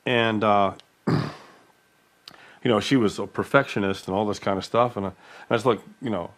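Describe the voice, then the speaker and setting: A man's voice: on the low side, steady tone, a little slow, fairly bright tone. A man co-hosting a casual talk, telling loose, filler-heavy travel stories. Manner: rambling, filler-heavy storytelling. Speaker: podcast co-host. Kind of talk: casual conversational chat.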